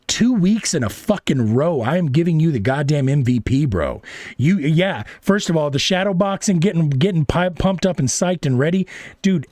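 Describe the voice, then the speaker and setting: A man's voice: fairly high pitch, darkish tone, no room sound, studio quality. A man hosting an online debate, wrapping up the night in a rambling, casual way, swearing freely and praising the players. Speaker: debate moderator. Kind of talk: casual wrap-up chat.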